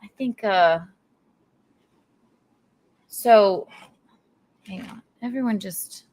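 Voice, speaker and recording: A woman's voice: medium pitch, darkish tone, low-quality recording. A woman hosting a podcast as a live stream, chatting casually, teasing and joking with a guest. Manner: teasing, playful, quick to joke. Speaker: podcast host. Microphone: live-stream setup.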